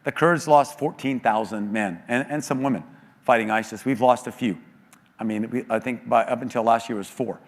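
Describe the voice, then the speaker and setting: A middle-aged American man speaking at a church, telling an emotional story with earnest, animated delivery and quoted voices. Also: mid-range voice. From United States. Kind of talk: storytelling talk. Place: large church auditorium. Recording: long hall reverb.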